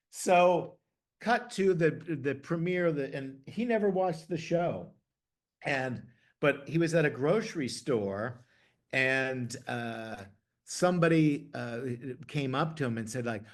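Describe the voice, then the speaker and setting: A middle-aged man from Ohio, a TV producer, telling stories in a casual, chatty way, full of fillers and restarts, getting lively when he quotes others. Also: mid-range voice, measured pace. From Ohio, USA. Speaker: TV producer interviewee. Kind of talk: casual anecdotal storytelling.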